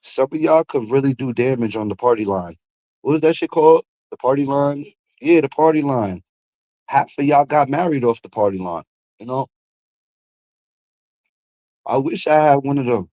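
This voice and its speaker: Male streamer host, casual profane rant, mid pitch, dry slightly muffled mic. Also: normal speed, long pauses, dry recording. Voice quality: animated, profane, mocking impressions. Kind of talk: casual ranting monologue.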